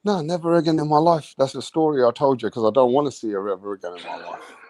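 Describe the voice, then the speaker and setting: A man's voice: medium pitch, fast, warm tone, dry recording. A man hosting a late-night podcast, telling a crude, swaggering story with laughter. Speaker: host.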